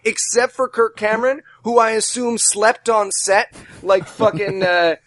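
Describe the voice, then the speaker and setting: A man co-hosting a comedy podcast, riffing profanely and fast on a bad movie. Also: high voice, fairly bright tone, no room sound. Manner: profane, fast riffing, slips into silly voices. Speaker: podcast co-host.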